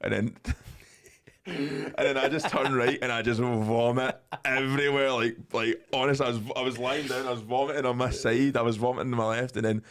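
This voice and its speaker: A man's voice: medium pitch, fairly even intonation, normal speed, fairly bright tone. A young man with a Scottish accent, telling a story as a podcast host, laughing and swearing as he goes. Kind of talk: casual storytelling chat.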